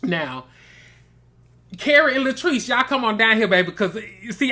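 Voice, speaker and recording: A man runs a reality TV recap, chatty and sassy. His voice is bright and forceful, and he keeps calling his listeners baby and girl. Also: very high-pitched, expressive, moderate pace, pauses often. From Mississippi. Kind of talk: casual review commentary.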